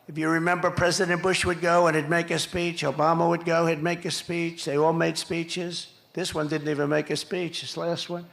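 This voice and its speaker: An older man works a crowd at a campaign rally, boastful and repetitive, and shouts out his punchlines. His voice is slightly high and forceful. The sound rings with the echo of rally loudspeakers. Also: little pitch movement, moderate pace, gravelly, few pauses. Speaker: political candidate at a rally. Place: outdoor rally stage.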